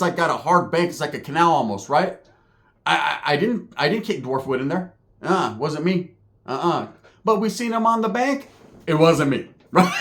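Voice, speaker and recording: Animated, profane male storyteller. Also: fairly high pitch. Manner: profane, animated, rhetorical "right?". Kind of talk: comedic storytelling.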